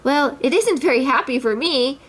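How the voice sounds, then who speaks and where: A woman's voice: sits high, animated, moderate pace, pitched above the performer's own voice. A woman voicing a timid, stammering little male piglet. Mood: nervous. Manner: stammering, nervous.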